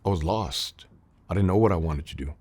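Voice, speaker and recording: A man's voice: deep voice, a little fast, a little mellow, slightly rough. A man in his thirties, an army veteran, speaking as an interview guest in candid, emotional conversation, with a lot of "dude" and "like" and some swearing.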